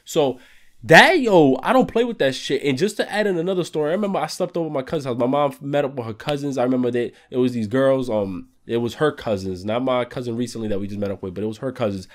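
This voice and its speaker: A young man hosting his channel, telling a story in a casual, animated way full of swearing. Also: mid-range voice, fast. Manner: profane, animated, heavy swearing. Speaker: channel host.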